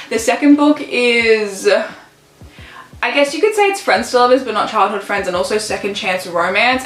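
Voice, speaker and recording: A woman's voice: medium pitch, fairly bright tone, echoey room. Chatty young woman from Australia gushing about books. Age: young adult. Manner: gushing, chatty, heavy use of "like". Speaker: book vlogger. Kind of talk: casual chat.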